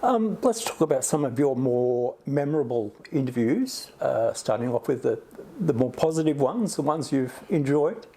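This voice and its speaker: An interviewer asks short prompting questions in a warm, mellow voice. The voice sounds distant from the mic. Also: mid-range voice, lively intonation, normal speed, hardly any pauses.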